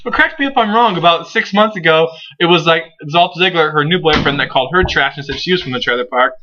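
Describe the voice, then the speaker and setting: A young man co-hosting a casual wrestling review, telling stories in an excitable, jokey way. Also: fairly high pitch, fast, background noise. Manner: excitable, jokey storytelling with acted asides. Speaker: co-host, divas correspondent. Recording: lo-fi home recording.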